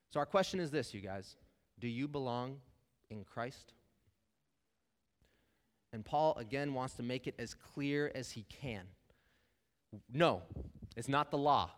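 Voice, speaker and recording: A man's voice: on the high side, animated, normal speed. A man preaching a sermon, emphatic and conversational, talking straight to the listeners. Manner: emphatic, conversational, addresses listeners as "you guys". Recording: long hall reverb.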